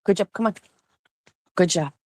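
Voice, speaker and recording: A woman in her forties chatting casually to camera, slipping into a high cooing voice for her dogs. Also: normal speed, dry recording. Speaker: vlogger. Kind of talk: casual vlog chat.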